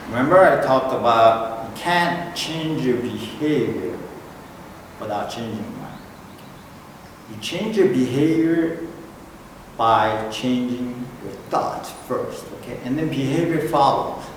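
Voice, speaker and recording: A middle-aged Korean-accented man preaches slowly and deliberately, pausing to ask "okay?" after each point. His voice is caught from a distance in a big, echoing hall, with a long reverb tail and steady room noise under it. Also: medium pitch. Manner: repeats key points and checks in with "okay?". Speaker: pastor. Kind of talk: sermon. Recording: echoey hall from far off, noisy room.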